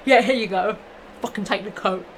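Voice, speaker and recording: A woman's voice: medium pitch, moderate pace, background noise, lightly acted. A woman doing a crude, creepy male teacher. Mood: gruff.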